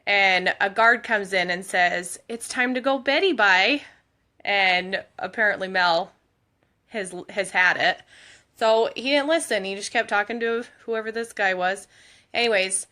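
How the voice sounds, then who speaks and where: A mother of school-age kids rambles to her followers in a casual storytelling vlog, giving an update on her husband and laughing now and then. Her mid-range voice comes across pushed and bright.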